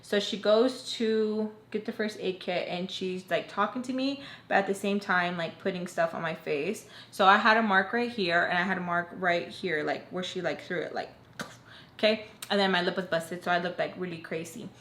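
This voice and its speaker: A woman's voice: on the low side, normal speed, fairly bright tone. A young woman vlogger telling a personal storytime in a casual, chatty way, often saying "like". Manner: chatty, fills talk with "like". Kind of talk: storytime narration. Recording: roomy echo, faint hiss.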